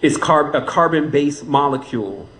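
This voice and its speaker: A man's voice: a little high, moderate pace, fairly bright tone, rough recording. A man being interviewed as a spiritual teacher, answering in an earnest, rambling way and laughing often.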